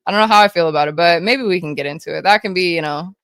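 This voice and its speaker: A woman livestreaming, reading chat messages aloud in a hyper, rapid-fire, casual way with frequent swearing. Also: on the low side, a bit bright, clean tone, no echo.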